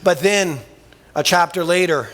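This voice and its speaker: A man's voice: high voice, measured pace, fairly bright tone, big-room sound. A male pastor preaching a sermon in a casual, colloquial storytelling way, full of vivid everyday asides. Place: church sanctuary.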